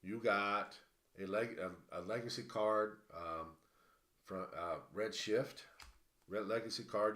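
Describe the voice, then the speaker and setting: A man with a fairly low voice hosts a casual live stream, working through a long rundown of collectible cards. He rambles, stumbling through restarts and filling pauses with ums and uhs. The sound carries a roomy echo. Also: fairly bright tone. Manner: rambling, many fillers and restarts. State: out of breath. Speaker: livestream host.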